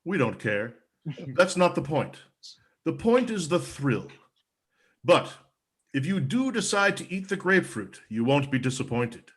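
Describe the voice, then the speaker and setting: A man doing a deadpan spoof commercial, with a dry, formal, mock-earnest delivery. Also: a little high, measured pace, breathy edge. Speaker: comedian performing a mock ad. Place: home video stream.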